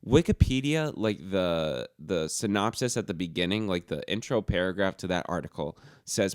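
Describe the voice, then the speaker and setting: Hesitant low-voiced man, casual chat. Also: expressive, moderate pace, hardly any pauses, clean tone, no room sound, studio quality. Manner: hesitant, stammering restarts, swears. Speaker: podcast co-host.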